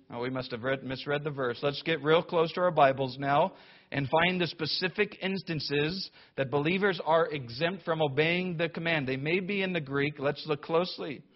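A man preaching a sermon to a congregation, emphatic and building to loud declamation, with wry sarcastic asides. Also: fairly high pitch. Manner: emphatic, rising to loud declamation when quoting scripture. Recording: dull lo-fi sound.

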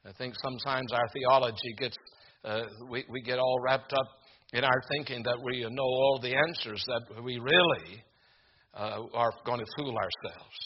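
A man's voice: mid-range voice, steady tone, breathy edge, dull audio. Older man preaching earnestly. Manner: earnest, halting, with many fillers and restarts. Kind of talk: sermon. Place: room with a congregation.

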